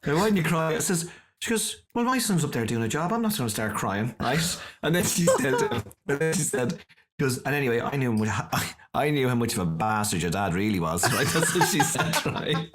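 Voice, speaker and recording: A middle-aged Irish man, a comedian guest, telling animated stories and acting out the people in them. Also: medium pitch, a little fast, loud music behind the voice. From Ireland. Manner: acts out voices and quotes in his stories, laughs often. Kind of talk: animated anecdotal storytelling.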